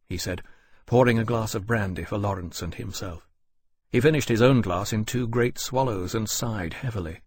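A man narrating an audiobook in a measured, even storytelling manner. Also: on the low side, breathy edge. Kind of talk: scripted narration.

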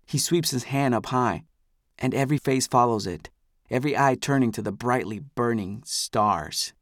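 A man's voice: mid-range voice, normal speed, no echo. Man narrating an audiobook, dry sound. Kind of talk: first-person scripted narration.

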